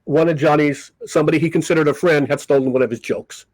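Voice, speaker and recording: A man's voice: on the high side, fast talker, slightly rough, dry recording, rough recording. An older man, a comedy magician guest on a podcast, telling stories casually and acting out the people in them. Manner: animated raconteur who acts out quoted people. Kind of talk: casual storytelling interview.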